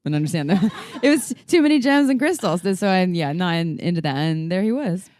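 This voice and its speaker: An enthusiastic woman co-hosts a podcast, upbeat and quick to laugh. Her voice sits fairly low for a woman. It is recorded dry, with no room sound. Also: lively intonation, a little mellow, no room sound. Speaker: podcast co-host. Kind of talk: casual chat.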